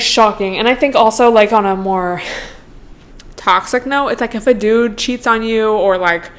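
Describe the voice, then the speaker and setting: A woman's voice: medium pitch, a bit bright. A woman in her twenties hosting her own podcast in casual solo chat, full of "like" and swearing, laughing between points. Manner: chatty, swears a lot, heavy use of "like". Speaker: podcast host.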